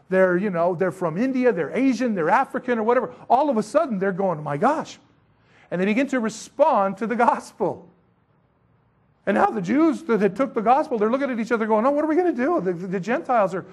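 A man teaching a Bible chapter in a casual, conversational sermon, with animated, slangy asides. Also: sits high.

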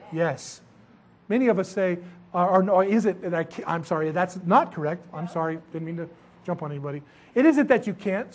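High-voiced animated male preacher. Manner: casual, animated preaching with asides and humor. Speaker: pastor. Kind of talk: sermon.

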